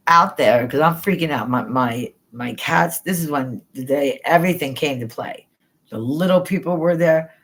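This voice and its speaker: A middle-aged woman hosting a live stream, telling stories in a rambling, spontaneous way, excitable and quick to swear. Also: a bass voice. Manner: excitable, swears freely, jumps between thoughts. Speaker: paranormal livestream host.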